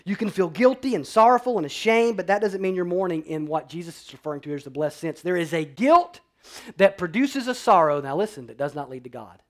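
A man pastor preaching a sermon, swinging between loud emphatic declarations and quiet, low-voiced passages. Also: fast talker, hardly any pauses.

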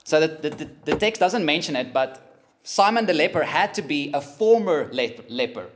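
Man, sermon, lively rising pitch, fairly high voice. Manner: emphatic, pausing, rises for emphasis. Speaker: pastor.

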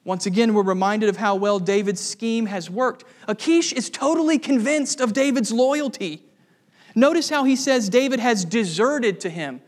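A man's voice: very high voice, moderate pace, big-room sound. A man preaching an expository sermon, emphatic and posing rhetorical questions to the congregation.

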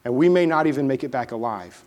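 A man doing a hushed, earnest young soldier. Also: mid-range voice, expressive, fast, voice pushed down, natural voice. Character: steady young soldier brother, earnest encourager.

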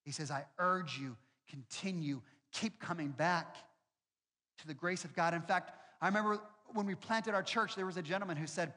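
A man's voice: high voice, normal speed, bright, forceful tone. A male pastor preaching a sermon in a conversational, storytelling way with self-deprecating humor. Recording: long reverb with faint music behind.

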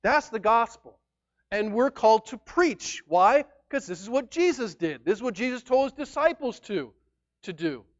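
A man preaching a sermon as pastor, emphatic and conversational, swinging between loud declarations and quiet asides. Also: very high voice, very animated, normal speed, highs cut off.

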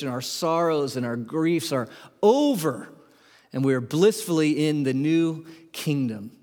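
Preacher with a lively, questioning delivery. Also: male voice, fairly high pitch, big-room sound. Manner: conversational, asks the congregation questions. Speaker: pastor. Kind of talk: sermon. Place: church sanctuary.

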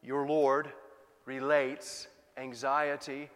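A male pastor preaching a sermon, moving from loud emphatic questions to soft, quiet asides. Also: mid-range voice, little pitch movement, very slow, big-room sound.

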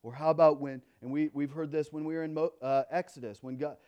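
High-voiced pastor preaching with big swings. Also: male voice, fairly even intonation, quick pace, smooth. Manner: swings from loud emphatic passages to quiet hushed ones; stumbles and restarts between quoted verses. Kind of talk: sermon.

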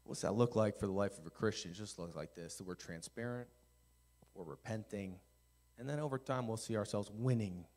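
A middle-aged male pastor preaching a sermon, swinging from quiet intensity to loud, animated storytelling. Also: fairly low pitch, brisk.

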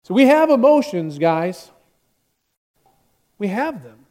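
A man's voice: high-pitched, sing-song, takes it slowly, darkish tone. A man preaching a sermon as pastor, talking directly to his congregation and acting out quotes with rising force.

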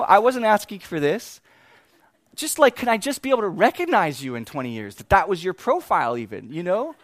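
Animated preacher with a higher voice. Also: male voice, no room sound. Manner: animated, swings between exasperated outbursts and quiet reflection. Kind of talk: sermon storytelling.

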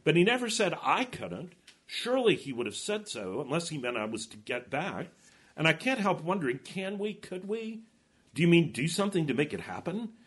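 A man's voice: a little high, very animated, normal speed, a bit bright, husky, voice pushed up, exaggerated voice. A man reading aloud a curious, eager schoolboy from a storybook.

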